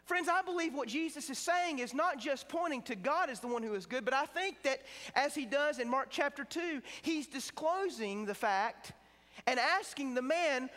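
A man preaching a sermon in a chapel, emphatic and slowing down to stress key words. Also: very high voice, animated, a bit bright. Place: seminary chapel. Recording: chapel with long reverb.

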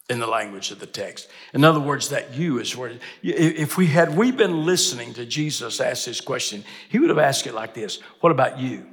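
An older man preaching a sermon in a chapel, emphatic, climbing to loud peaks when he quotes scripture. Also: mid-range voice, creaky. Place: seminary chapel. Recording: long hall reverb.

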